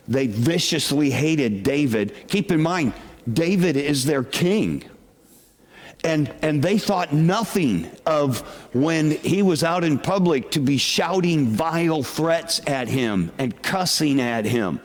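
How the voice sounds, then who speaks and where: A male pastor speaks slowly in a slightly high voice, preaching a sermon to a congregation in a church sanctuary. He keeps it conversational and asks the congregation questions, while the large hall gives a long reverb.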